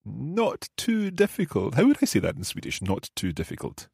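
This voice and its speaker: A Scottish man hosting a podcast language lesson, repeating phrases slowly and carefully and laughing easily. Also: mid-range voice, huge pitch swings, creaky, a little mellow, slightly rough, no room sound, studio quality. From Scotland. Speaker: podcast host and language learner.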